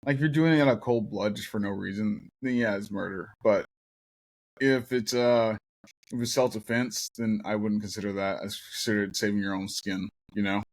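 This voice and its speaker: A man's voice: fairly low pitch, fairly even intonation, moderate pace. A young adult man hosting a casual podcast chat, swearing often and laughing through his stories. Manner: swears a lot, laughs while telling stories. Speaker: podcast host.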